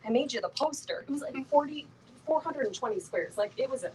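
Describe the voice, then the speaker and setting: Woman, high voice, chatty motivational talk, playful fillers, heard a bit far from the mic. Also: expressive, brisk, a little mellow, slight background noise. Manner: chatty and playful, many fillers, acts out quotes with laughter. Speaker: motivational speaker at a sales event. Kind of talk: motivational talk to a live audience. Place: on a stage before an audience.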